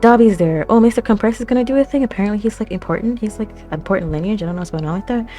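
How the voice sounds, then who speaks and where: A young woman hosting an anime reaction, talking casually with lots of fillers, gasps and excited exclamations. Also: medium pitch, very fast, faint music behind. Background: anime episode soundtrack playing.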